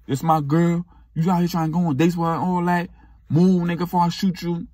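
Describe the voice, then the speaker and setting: A man's voice: on the high side, little pitch movement, brisk, no room sound, clean studio sound, pitched above the performer's own voice, close to an everyday voice. A man voicing a furious, jealous young ex-boyfriend who curses and threatens. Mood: angry. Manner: shouting, cursing, threatening.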